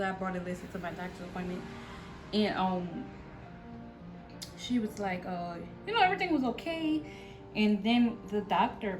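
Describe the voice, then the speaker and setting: A woman's voice: mid-range voice, poor audio. A young woman, a new mother, candidly telling her own story to camera in a rambling, casual way full of "like"s and "y'all"s.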